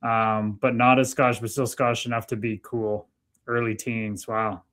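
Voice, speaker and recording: A man's voice: medium pitch, little pitch movement, moderate pace, fairly bright tone. A man from Canada hosting a casual livestream, chatting easily and reading out viewer comments. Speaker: livestream host.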